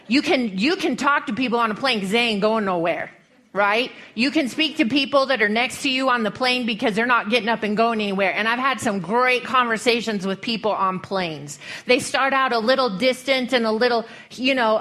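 Folksy higher-voiced woman preaching. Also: bright, forceful tone. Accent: Western American. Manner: folksy, humorous storytelling. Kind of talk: sermon.

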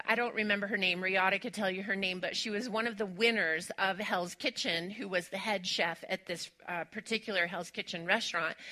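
A middle-aged woman pastor giving a sermon in a church, chatty and laughing often as she tells a personal story. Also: mid-range voice. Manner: chatty and warm, laughs often, gets emotional. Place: church sanctuary.

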